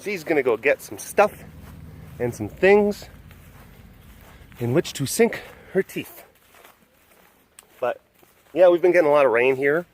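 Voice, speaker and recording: A man's voice: a little high, animated, a little slow, pauses often, a little hiss or hum. A man hosting a casual outdoor webcast at a big cat compound, chatting and cooing affectionate baby talk at the cats. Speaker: animal sanctuary webcast host. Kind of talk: casual walking vlog.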